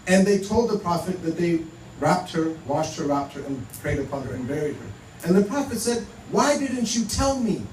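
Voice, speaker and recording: A man's voice: a little high, lively intonation, normal speed, darkish tone. A man giving a conversational talk to a community audience, telling stories and acting out dialogue. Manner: conversational, acts out dialogue in quoted exchanges. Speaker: Muslim speaker. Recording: roomy hall, mic at a distance, faint hum.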